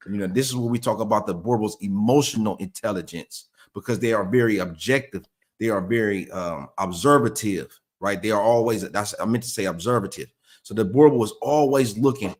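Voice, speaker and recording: A man in casual conversation, explaining dog training earnestly and often repeating words as he searches for them. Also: fairly low pitch.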